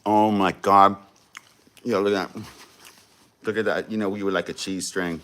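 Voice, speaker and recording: A man's voice: low voice, steady tone, moderate pace, fairly bright tone. Laid-back slangy man streaming live. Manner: laid-back and slangy, chatting to viewers while eating. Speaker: livestream host. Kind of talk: casual livestream chat.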